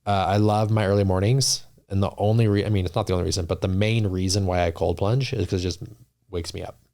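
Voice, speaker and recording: A man's voice: low voice, fairly even intonation, fast talker, mellow. A man talking as a podcast guest in casual interview chat, earnest and reflective, often restarting his sentences. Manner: earnest, reflective, many restarts and "you know".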